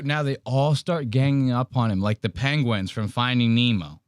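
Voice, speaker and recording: A man hosting a podcast, telling a story in casual banter with crude, animated mocking impressions. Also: medium pitch, moderate pace, few pauses, no room sound, studio quality. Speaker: podcast host.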